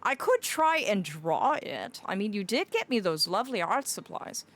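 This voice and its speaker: Lively theatrical woman streamer. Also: medium pitch, moderate pace. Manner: theatrical, greets chatters fondly as "my dear". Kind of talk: live-stream chat in a fae persona.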